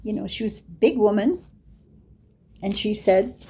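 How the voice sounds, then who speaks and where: A woman's voice: medium pitch, measured pace, mellow, a little hiss or hum. An older woman giving a storytelling lecture, recounting anecdotes and acting out the dialogue in her own voice. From Boston area, USA. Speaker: Islamic lecturer.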